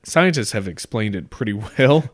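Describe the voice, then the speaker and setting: Podcast co-host guy, kinda low voice, stammers a bit, dry close sound. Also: expressive, moderate pace, no room sound. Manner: hesitant, stammering restarts. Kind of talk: casual chat.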